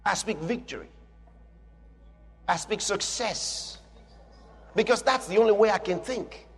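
A man's voice: high-pitched, a little slow, big-room sound. A man preaching a sermon, emphatic and repeating his declarations for effect.

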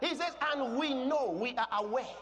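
Man, preacher, sermon, very high voice, emphatic, long hall reverb. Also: moderate pace, heavy background noise. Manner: emphatic, swings from quiet teaching to shouted declarations.

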